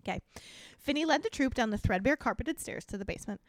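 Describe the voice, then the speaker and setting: Brief: playful female reader, lively swooping pitch, dry close mic. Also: quick pace, no room sound. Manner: playful, giggly, theatrical. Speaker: podcast co-host reading aloud. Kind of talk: dramatic reading with jokey commentary.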